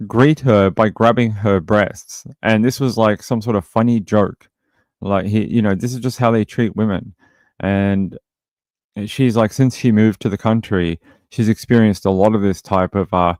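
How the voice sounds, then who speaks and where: A low-voiced Australian man hosts a true crime stream in a casual, chatty way, reading viewer comments and answering them bluntly. His voice is recorded close and dry, with no room sound. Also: a little mellow, dry recording. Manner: blunt and opinionated, with many fillers. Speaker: true crime livestream host.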